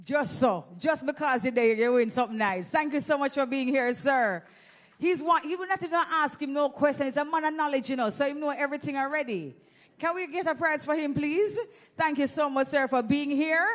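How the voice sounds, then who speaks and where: A woman's voice: high-pitched, fairly quick. A Jamaican woman hosting a live event on a handheld microphone, teasing the audience and running prize games. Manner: playful, teasing, energetic. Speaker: event host.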